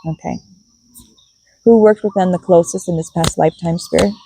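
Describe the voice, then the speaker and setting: A woman's voice: on the low side, steady tone, moderate pace, vocal fry, background noise. A woman giving a spiritual card reading to her viewers, musing aloud and repeating key words as she goes. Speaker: tarot and oracle card reader.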